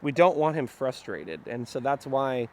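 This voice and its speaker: A man's voice: mid-range voice, big pitch swings, moderate pace, darkish tone. A man working as a dog trainer, explaining a training session in an upbeat, explanatory way and talking to the dog as he goes. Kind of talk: instructional training vlog.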